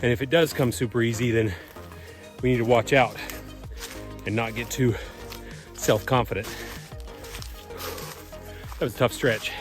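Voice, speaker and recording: A man talking casually as a vlogger, easygoing and chatty, often pausing with "uh". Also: medium pitch, steady tone, music in the background. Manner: easygoing, chatty, with frequent "uh" pauses. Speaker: vlogger and property owner. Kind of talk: casual vlog narration.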